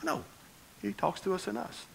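A man preaching a conversational sermon as pastor, swinging between loud emphasis and quiet asides. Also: high-pitched, big pitch swings, moderate pace, gravelly, slightly rough, rough recording.

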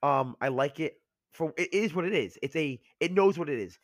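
A man's voice: a little high, animated, normal speed, no echo, clean studio sound. A young man co-hosting a podcast, talking casually with lots of fillers, his voice still cracking as he gets over an illness. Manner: rambling, lots of "like" and restarts. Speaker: podcast co-host. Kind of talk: casual chat.

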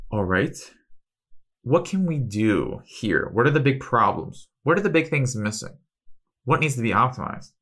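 A man with a fairly low voice hosts a casual health Q&A. He talks through each point loosely, with offhand asides that poke fun at himself. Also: a bit bright. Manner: chatty, self-deprecating asides, loose analogies. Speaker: host.

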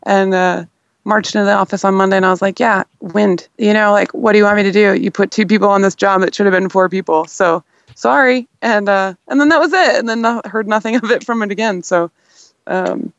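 Brief: young woman, animated storyteller, dry close sound, chatty radio guest. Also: mid-range voice, brisk, creaky, no echo, dull audio. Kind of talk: casual storytelling chat.

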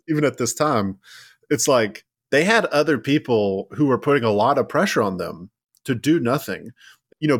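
A man's voice: mid-range voice, no room sound, clean studio sound. A man co-hosting a casual history podcast, rambling with many fillers and restarts. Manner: rambling, lots of "like" and restarts, laughs at ironies. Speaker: podcast co-host.

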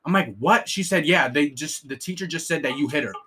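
A man's voice: on the high side, a little fast, sharp tone, husky. A young man telling a story on a casual podcast, rambling and profane, with lots of filler words and restarts. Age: young adult.

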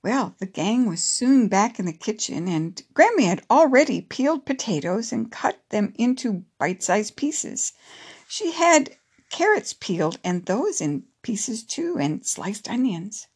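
A woman narrating a children's story in a gentle, expressive way. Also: fairly high pitch, a little slow, husky.

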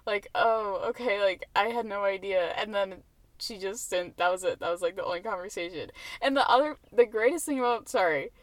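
A woman's voice: medium pitch, brisk, no room sound. A young woman hosting a podcast from inside a car, chatting casually and rambling with lots of fillers and laughter. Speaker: podcast host. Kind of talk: casual chat.

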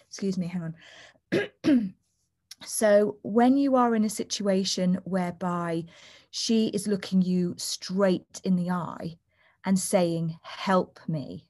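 A woman's voice: medium pitch, slow pace, long pauses, darkish tone. Earnest woman, doula guest. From United Kingdom. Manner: earnest, acts out quoted voices while telling stories. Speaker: doula and author, interview guest. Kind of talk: conversational podcast interview.

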